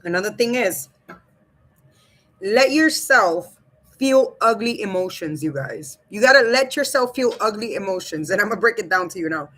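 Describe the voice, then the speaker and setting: A woman's voice: medium pitch, expressive, fast talker, few pauses, a bit bright, slightly rough. A woman hosting a casual livestream, reading viewer comments aloud and talking straight to her chat in a blunt, loose way, swearing and laughing as she goes. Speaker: livestream host.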